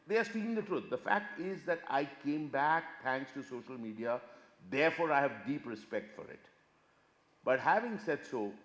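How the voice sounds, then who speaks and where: An older man with an Indian accent doing a chatty, self-mocking stand-up set, switching between Hindi and English and swinging from hushed asides to loud bursts. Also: medium pitch. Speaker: stand-up comedian. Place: large conference hall. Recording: echoey hall, muffled PA sound.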